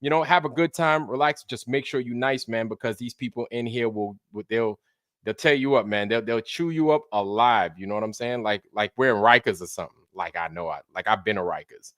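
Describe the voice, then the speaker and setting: A Brooklyn, New York man hosts a casual livestream, greeting viewers in a loose, profane manner and slipping into put-on voices. His medium-pitched voice is fairly quick and a bit bright, recorded with studio quality and no echo.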